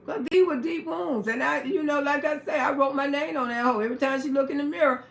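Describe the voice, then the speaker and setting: A woman hosting a livestream and telling a story in an emphatic, profane, animated way. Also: sits high, a little fast, creaky, roomy sound. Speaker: livestream host. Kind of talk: casual storytelling to a live audience.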